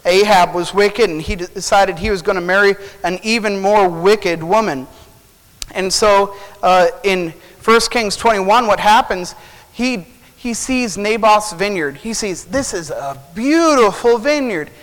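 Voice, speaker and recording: High-voiced male preacher with echo. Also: a little slow, fairly bright tone. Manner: storytelling with rhetorical questions. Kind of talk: sermon.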